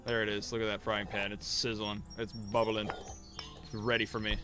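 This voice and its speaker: A man's voice: lowish voice, level tone, moderate pace. A male streamer giving casual live gameplay commentary, muttering to himself in a self-mocking, frustrated way. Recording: game music behind.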